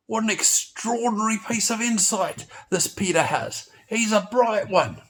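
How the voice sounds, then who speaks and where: A man teaching a children's Bible lesson, telling the story in a playful, animated way and exclaiming often. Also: high-pitched, a little slow.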